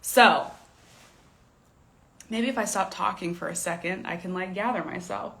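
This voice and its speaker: This young fashion stylist speaks fairly low and a bit slowly, with vocal fry and a bright, forceful tone, while coaching casually on a stream. Frequent laughter and "like" fillers mark her candid, chatty style, interrupted by coughs from a throat tickle.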